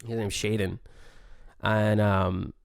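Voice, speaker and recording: A man's voice: lowish voice, level tone, slow pace, gravelly, no room sound, studio quality. A man talking casually and reflectively, full of laid-back surfer slang and fillers. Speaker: pro surfer podcaster.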